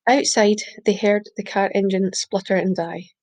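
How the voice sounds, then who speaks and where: A woman's voice: medium pitch, moderate pace. Woman reading a story aloud. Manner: steady reading with small slips and self-corrections. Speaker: reader. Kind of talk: audiobook reading.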